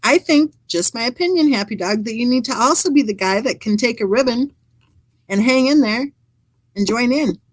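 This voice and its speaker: A woman hosts a true crime channel, reading viewers' live chat comments aloud in a casual way. Her voice sits a bit high and sounds dry and close, with no room echo. She drops wry, chatty remarks between the comments. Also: animated, moderate pace.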